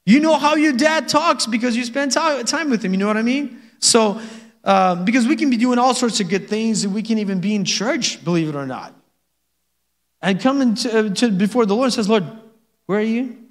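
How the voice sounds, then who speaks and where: Joking pastor in a reverberant church. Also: male voice, very high-pitched, expressive, brisk. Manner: conversational and joking, with frequent laughs and "amen?". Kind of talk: sermon. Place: church sanctuary.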